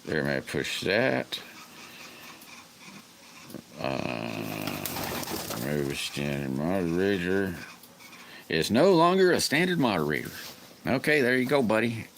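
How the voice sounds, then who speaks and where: A man's voice: low voice, big pitch swings, takes it slowly, vocal fry, long pauses, noisy background. A man hosting a casual livestream, greeting viewers by name and rambling through his workshop troubles. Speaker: livestream host. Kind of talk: casual live-stream chat.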